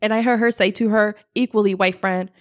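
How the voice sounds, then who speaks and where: A woman's voice: medium pitch, steady tone, fairly quick. A young adult woman co-hosting a podcast, talking candidly and profanely, full of "like" fillers. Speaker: podcast co-host. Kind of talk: casual chat.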